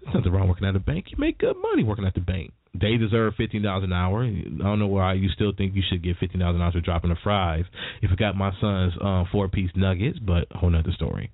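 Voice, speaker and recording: A lively morning radio host with a medium-pitched voice talks casually and tells stories, animated and chatty, laughing as he goes. The recording is dry, with a tinny, phone-like sound.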